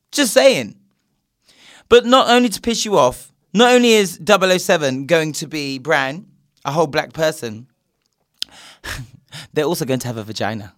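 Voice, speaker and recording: A man's voice: fairly high pitch, a bit bright, dry recording, studio quality. A young man ranting sarcastically and swearing freely while hosting a casual podcast chat. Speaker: podcast host.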